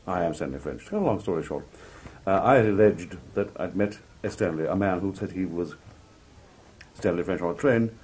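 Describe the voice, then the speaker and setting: A man from Liverpool with a very low, deep voice talks through his career as a broadcaster, spinning anecdotes with a raconteur's flair. He slips into other people's voices when he quotes them, and a faint hum sits under the recording. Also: a little fast, a little mellow. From Liverpool, England. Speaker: television announcer being interviewed. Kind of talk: relaxed anecdotal interview talk. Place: outdoor country fair at a cricket ground.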